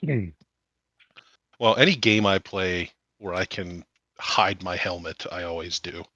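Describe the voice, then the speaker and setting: A man's voice: deep voice, a little slow, pushed and bright, no echo, muffled recording. A man playing in a tabletop game stream, chatting casually with laid-back dry wisecracks. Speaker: player.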